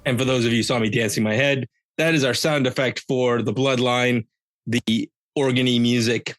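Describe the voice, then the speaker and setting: A man's voice: medium pitch, fairly even intonation, normal speed, fairly bright tone, soft background music. A man hosting a podcast, giving a casual, joking, rambling recap of a wrestling show. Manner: jokey, rambling, with playful asides. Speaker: podcast host.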